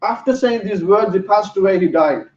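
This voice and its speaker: A man's voice: high voice, moderate pace, a little mellow. A man giving a sermon, telling a story in an earnest way. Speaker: preacher. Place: mosque hall. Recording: roomy, distant, dull sound.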